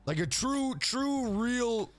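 A man's voice: very high-pitched, lively intonation, slow, soft background music. A man hosting a casual game livestream, talking loosely and profanely to his chat.

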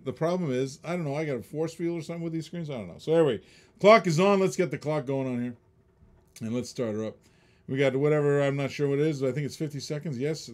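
A man hosting a live online auction, chatty and laughing often, calling bids like a boxing match. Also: a little high. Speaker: live stream auction host.

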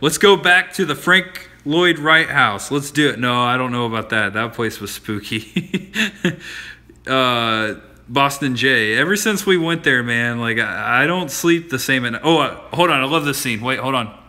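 A man's voice: mid-range voice, lively intonation, unhurried, bright, forceful tone. A man hosting a casual livestream from his home, chatting in a rambling, friendly, self-deprecating way. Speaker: livestream host. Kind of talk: casual live-stream chat.

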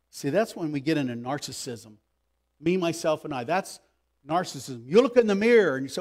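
A man preaching a sermon as pastor, emphatic, swinging between loud pleas and hushed asides. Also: on the high side, lively intonation, moderate pace.

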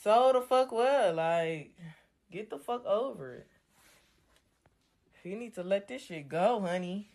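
A woman's voice: medium pitch, lively intonation, slow pace, pauses often, a little mellow. A drunk woman ranting on a home livestream, brash and taunting, repeating her jabs over and over. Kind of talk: livestream rant. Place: home bedroom, indoors.

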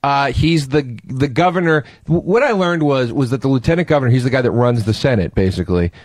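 A man's voice: mid-range voice, fast talker, a little mellow, dry recording. A man as a guest on a podcast, telling rambling, emphatic stories with a lot of swearing. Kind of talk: casual storytelling chat.

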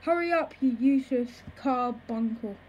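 A woman's voice: high-pitched, unhurried, darkish tone, muffled recording, slight background noise. A woman voicing a huge, grumpy, greedy old troll grandmother in a storybook reading, barking and snapping her lines. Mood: impatient.

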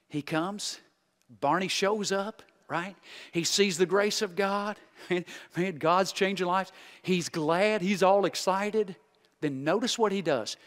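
A male guest preacher giving a revival sermon, folksy and joking, swinging from loud exhortation to hushed intensity. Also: sits high.

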